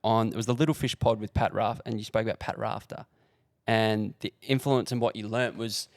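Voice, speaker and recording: A man's voice: fairly low pitch, steady tone, brisk, no echo, studio quality. A man hosting a podcast, asking reflective questions and bringing in a quote he likes. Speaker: podcast host. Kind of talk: interview questions.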